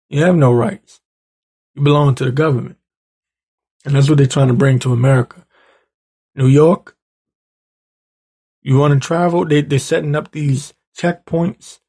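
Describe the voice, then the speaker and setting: Gravelly man in a profane rant. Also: on the high side, dark tone. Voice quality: gravelly, husky. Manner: angry, profane, ranting, rising to heated outbursts. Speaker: show host.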